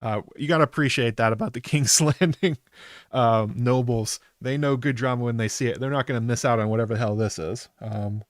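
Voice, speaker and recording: Speaking a little fast in a medium-pitched voice, a man recaps a TV episode on his podcast, rambling along casually with lots of filler words. The recording is dry.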